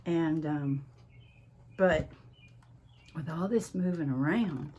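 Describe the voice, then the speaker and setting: Hosting her crafting vlog from a home craft desk, a Southern US woman chats easily, stretching out her words and laughing often. She has a low, husky voice with a darkish tone.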